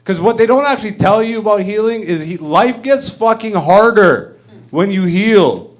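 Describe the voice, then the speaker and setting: A man's voice: high-pitched, lively intonation, moderate pace. A man in his thirties doing a profane, brash stand-up comedy rant on a club stage. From Canada. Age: 30s.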